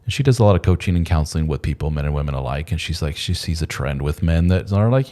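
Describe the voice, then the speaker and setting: A man's voice: very deep voice, animated, fast, hardly any pauses, warm tone. A man hosting a casual live stream, talking in a loose, rambling and candid way with mild swearing. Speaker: host of a men's support channel.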